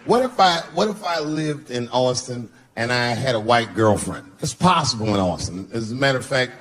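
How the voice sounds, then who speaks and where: A man's voice: medium pitch, lively intonation, moderate pace, background noise. A male stand-up comedian telling loose stories on stage, breaking into voiced asides. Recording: live stage with loud audience laughter.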